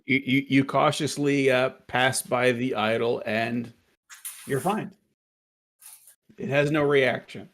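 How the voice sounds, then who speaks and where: A man's voice: mid-range voice, creaky, fairly bright tone. A man running a tabletop game as game master, often restarting his sentences. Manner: halting, many restarts.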